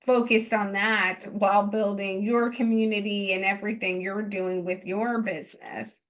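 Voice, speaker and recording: A woman hosts a podcast in easy, chatty conversation. She fills her talk with "like" and acts out quoted exchanges with bounce, at a middle pitch for a woman. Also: steady tone, moderate pace. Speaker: podcast host. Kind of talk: casual conversational interview.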